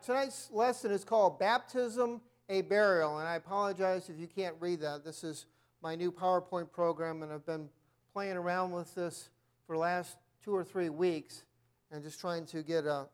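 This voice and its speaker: High-voiced male Bible class teacher who often clears his throat. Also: fairly even intonation, normal speed. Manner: frequent throat clearing, reads aloud from notes. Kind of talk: church Bible lesson.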